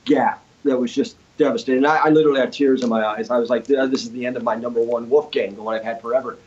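Fast and muffled, a medium-pitched man, a guitarist and inventor, recounts a story as a casual interview guest. He's an animated storyteller who acts out the other characters' lines, speaking from a home studio.

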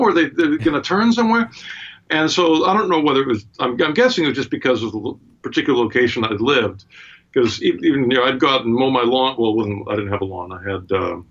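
A man's voice: fairly high pitch, quick pace, fairly bright tone, highs cut off. A man, a guitarist being interviewed from his home studio, telling stories in a laid-back, wry way. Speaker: guitarist and guest. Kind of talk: relaxed interview chat.

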